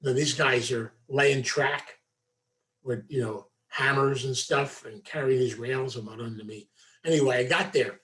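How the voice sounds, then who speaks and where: A man's voice: medium pitch, unhurried, a bit bright. A man, a meditation teacher, giving a folksy storytelling talk to a group, full of asides. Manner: folksy, conversational, many asides.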